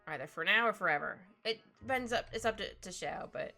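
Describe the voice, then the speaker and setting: Young woman streamer, casual giggly chat while drawing, bright lively voice, soft music under it. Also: mid-range voice, brisk, vocal fry. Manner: giggly, playful, talks to chat. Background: faint music.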